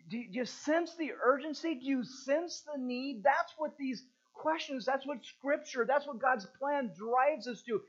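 Earnest preacher doing a catechism sermon, keeps asking the same questions, muffled lo-fi sound. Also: sits high. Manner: earnest, repeats rhetorical questions for emphasis. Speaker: preacher teaching a catechism lesson.

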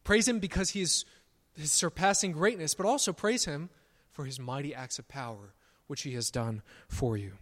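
A man's voice: on the high side, moderate pace, few pauses. Man preaching in a reverberant church. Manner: emphatic preaching, rising for declarations and dropping for quiet asides. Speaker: pastor. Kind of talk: sermon. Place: church sanctuary.

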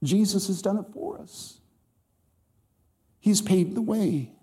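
A man delivering an emphatic sermon, speaking straight to his congregation and reciting scripture verses. His voice sits a little high for a man, with a mellow, warm tone. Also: slow. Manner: emphatic, scripture-quoting, addresses congregation directly. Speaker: preacher.

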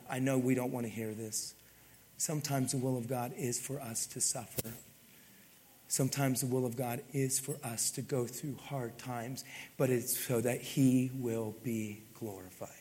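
A man preaching a sermon to his congregation, often dropping to a hushed, intimate tone. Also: mid-range voice, fairly even intonation, moderate pace, long reverb tail. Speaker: pastor. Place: church sanctuary.

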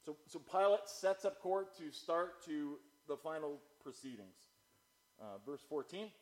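Preacher with sweeping dynamic swings. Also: male voice, expressive, a little slow, rough recording. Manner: dramatic, swings from loud declamation to low quiet asides. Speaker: pastor. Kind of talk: sermon.

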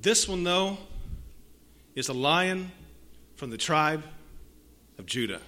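A man preaching a sermon, swinging from hushed lines to loud emphatic ones and reading scripture aloud with repeated rhetorical phrases. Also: on the high side, lively intonation, takes it slowly.

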